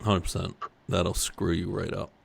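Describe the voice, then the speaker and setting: A man's voice: low voice, little pitch movement, moderate pace, creaky, breathy edge, no echo. A man co-hosting a podcast in casual chat, laughing often and restarting his sentences. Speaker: podcast co-host.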